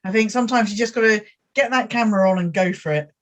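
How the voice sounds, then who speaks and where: A woman's voice: medium pitch, quick pace. A woman hosting a casual, rambling video-call chat with a friend and addressing viewers. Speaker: host.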